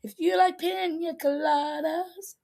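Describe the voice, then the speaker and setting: A woman co-hosting a casual livestream, reacting to chat comments with quick remarks and chuckles. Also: very high voice, steady tone, vocal fry, a little mellow.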